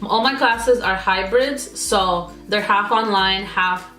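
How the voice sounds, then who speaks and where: A woman's voice: mid-range voice, takes it slowly, sharp tone, soft background music. Young adult woman, casual vlogger, rambling venting style, echoey room. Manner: rambling, exasperated, lots of "like" fillers. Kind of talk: casual chat while doing makeup. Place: indoor room at home. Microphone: camera mic.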